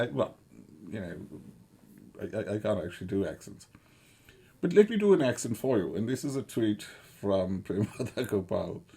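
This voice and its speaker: A middle-aged man giving rambling, sardonic commentary, halting often with fillers and restarts. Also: fairly low pitch, dark tone, breathy edge.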